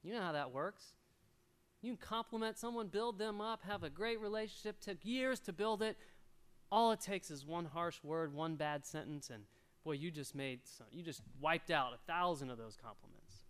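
A middle-aged man preaching a sermon, animated and storytelling, acting out little voices as he goes. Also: fairly high pitch, normal speed, clear, resonant tone. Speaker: pastor.

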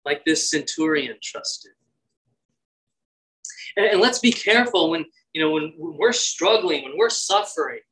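A man's voice: on the high side, animated, measured pace, long pauses, pushed and bright, poor audio. A man preaching a devotional sermon in an earnest, prayerful way, acting out quoted lines with lifted energy.

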